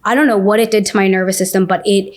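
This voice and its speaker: Woman, podcast guest, mid-pitched, casual and candid storyteller with lots of "like.". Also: steady tone, fast. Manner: candid, says "like" often.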